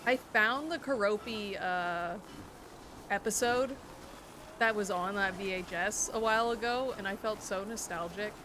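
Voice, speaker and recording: A woman's voice: medium pitch, unhurried, a bit bright. A woman in her twenties streaming a game, chatting in a rambling, nostalgic way. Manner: rambling and nostalgic, trails off into musing. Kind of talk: casual chat while gaming. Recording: noisy game audio behind.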